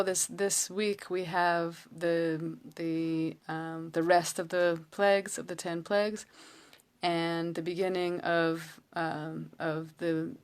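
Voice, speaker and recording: A woman giving a casual, earnest Torah talk from home, retelling a story with halting restarts. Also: lowish voice, smooth. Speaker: Torah teacher.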